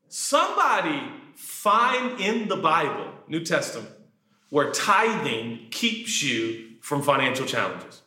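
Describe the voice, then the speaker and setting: A man preaching a sermon, animated, jumping from shouted lines to quiet asides. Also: a little high, takes it slowly. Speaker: pastor. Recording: echoey room.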